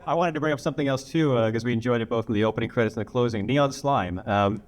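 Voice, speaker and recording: A man's voice: mid-range voice, quick pace. A man hosting a Q&A at a cinema screening, chatty and joking as he puts questions to the guest. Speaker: host of the screening Q&A. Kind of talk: live Q&A moderation. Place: cinema with a live audience. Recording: theater audience noise behind.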